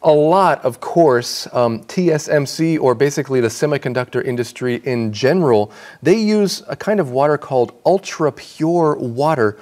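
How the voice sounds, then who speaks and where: A man's voice: medium pitch, moderate pace, few pauses. Chatty male English teacher. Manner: relaxed, chatty, uses fillers. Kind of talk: casual classroom explanation.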